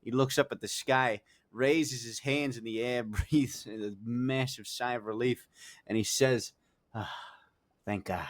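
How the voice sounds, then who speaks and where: A man's voice: mid-range voice, fairly even intonation, measured pace. A man telling long, rambling jokes in character during a roleplay, full of fillers and restarts, swearing casually.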